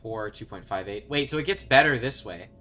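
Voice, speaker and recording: A young man giving casual commentary while he plays a video game. He swings from quiet muttering to yelling when he is excited. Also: lowish voice, fairly quick, over music. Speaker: gaming video host. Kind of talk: casual let's-play commentary.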